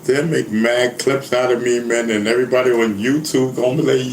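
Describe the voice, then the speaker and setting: Laid-back rapper rambling in an echoey room. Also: male voice, mid-range voice, fairly even intonation, a little fast, a little hiss or hum. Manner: laid-back, laughing, keeps saying "you know what I mean". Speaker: rapper and vlogger. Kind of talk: casual rambling monologue.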